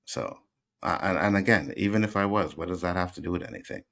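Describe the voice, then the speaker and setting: A man's voice: sits low, fast talker, vocal fry, a bit bright. A Canadian man with some Jamaican slang, hosting a livestream and emphatically arguing back at his chat, repeating his points. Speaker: host. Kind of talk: livestream commentary reacting to chat.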